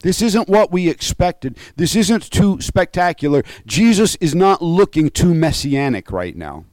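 A man's voice: a little high, sing-song, unhurried, a little mellow, no echo, pitched above the performer's own voice. A man voicing an earnest male disciple who is hoping for a leader to free his people, within a sermon. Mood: let down.

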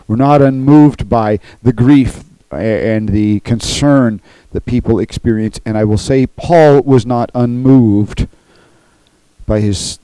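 A male pastor delivers a sermon in a low, mellow voice that stays earnest and emphatic. He keeps checking in with his congregation between points. The sound is dry and close. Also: dry recording, poor audio.

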